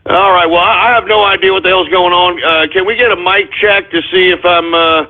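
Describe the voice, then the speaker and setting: Brief: irritated male host, higher voice, swearing rambler, tinny phone-line sound. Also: fairly even intonation, a little fast, very noisy. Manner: agitated, swearing, rambling with many fillers. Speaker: radio show host. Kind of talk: live call-in radio rant.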